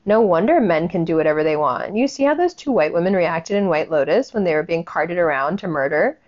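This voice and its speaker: A woman's voice: on the low side, animated, fairly quick, darkish tone, dull audio. A woman giving a casual commentary rant, blunt, sarcastic and full of swearing.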